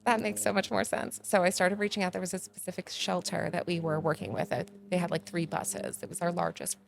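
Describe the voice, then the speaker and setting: A woman, a podcast guest telling stories in a casual, animated way that grows loud and excited. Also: on the low side, brisk, vocal fry. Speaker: podcast guest, agency founder. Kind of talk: casual interview storytelling.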